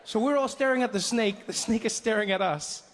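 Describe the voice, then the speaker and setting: A male stand-up comedian on a live stage, telling a story with an animated delivery and slipping into characters. His speaking voice sits fairly high for a man. Audience laughter and steady hiss run under the mic. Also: a little fast, long reverb tail. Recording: live show with audience noise.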